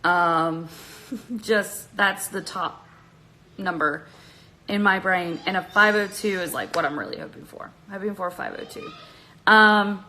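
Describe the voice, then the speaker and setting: Bright-voiced woman chatting nervously. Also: medium pitch, a little slow, a little hiss or hum, poor audio. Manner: nervous, chatty, laughs often. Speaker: vlogger on a livestream. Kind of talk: casual livestream chat. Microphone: phone at arm's length.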